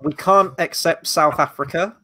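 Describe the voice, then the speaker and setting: A man's voice: on the high side, normal speed, sharp tone, no echo. A man co-hosting a film quiz, chatting in an enthusiastic, joking way. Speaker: co-host. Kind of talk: casual chat.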